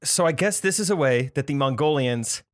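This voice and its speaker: A man's voice: medium pitch, lively intonation, normal speed, no room sound. A young man co-hosting a podcast, reading out odd phrases and quizzing his co-host in casual, comedic chat, laughing often.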